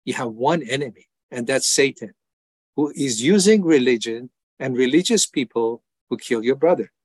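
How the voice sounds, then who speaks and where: An older man tells his testimony in an interview, earnest and heartfelt. His voice sits fairly high for a man. The sound is close and dry. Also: no echo. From Iran. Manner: earnest, acts out prayers and voices in dialogue. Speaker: evangelist guest.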